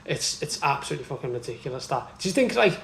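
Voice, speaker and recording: A man with a Liverpool accent chatting casually about football as a podcast co-host, ranting and swearing with animated laughter. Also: medium pitch, fast, gravelly, reverberant, rough recording.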